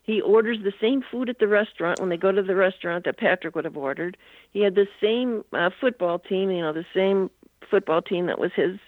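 Older female guest telling meandering stories over a tinny phone line, flat dry sound. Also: medium pitch, fairly quick, dry recording. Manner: rambling, full of "you know" asides. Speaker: guest author. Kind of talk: phone interview storytelling.

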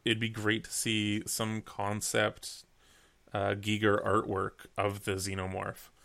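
A man co-hosting a podcast, talking in an excitable, profane way and laughing often. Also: lowish voice, slow pace, vocal fry. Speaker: podcast co-host. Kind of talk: casual chat.

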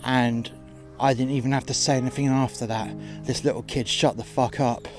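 A man's voice: medium pitch, steady tone, normal speed. A man narrating a furious, profane monologue rant about his work on the door. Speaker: podcast narrator, door staff. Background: guitar music.

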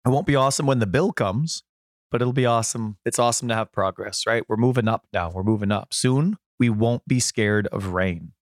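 A man in his thirties co-hosting a gaming podcast, a bit hoarse, rambling casually through stories from home. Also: medium pitch, brisk, no room sound, clean studio sound. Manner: rambling, chatty storyteller. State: hoarse from a sore voice. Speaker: podcast co-host. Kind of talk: casual chat.

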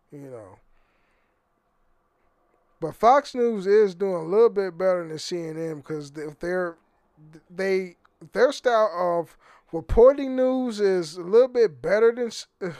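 A man's voice: high-pitched, a little mellow, no echo, clean studio sound. A man hosting his own podcast, rambling and swearing freely, often stumbling over repeated words and laughing. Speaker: podcast host. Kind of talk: casual solo podcast rant.

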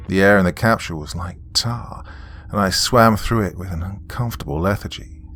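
A man telling a first-person story in a measured, descriptive way. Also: sits low, fairly bright tone.

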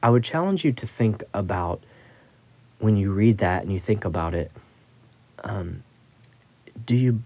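Slow, low-voiced man teaching scripture. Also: lively intonation, dark tone. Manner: thoughtful, musing, with frequent restarts. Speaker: Bible study podcast host.

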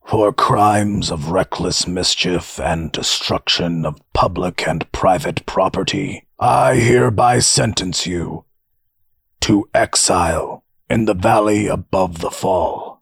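A man voicing a gruff, stern magistrate in an audiobook fantasy story. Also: low voice, takes it slowly, a bit bright, no room sound, studio quality, exaggerated voice.

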